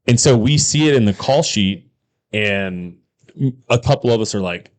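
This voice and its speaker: Low-voiced man telling cop stories. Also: moderate pace. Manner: animated storyteller, acts out quotes, swears freely. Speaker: podcast co-host, former police officer. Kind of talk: casual storytelling chat.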